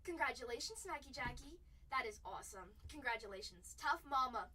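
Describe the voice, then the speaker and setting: A woman hosting a live-stream trading card break, chatting excitedly with viewers and reading their messages aloud. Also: high voice, a little fast, slightly rough, distant mic, poor audio.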